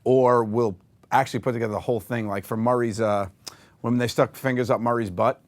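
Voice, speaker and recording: An American man chatting on a live web show, rowdy and quick to laugh, with crude jokes. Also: mid-range voice, steady tone. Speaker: cast member guest. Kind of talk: joking web show chat.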